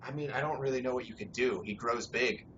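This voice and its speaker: A young man hosting a casual gaming podcast, rambling in a relaxed way, swearing freely and laughing often. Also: mid-range voice, a little fast. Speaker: podcast host. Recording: dull lo-fi sound, faint background noise.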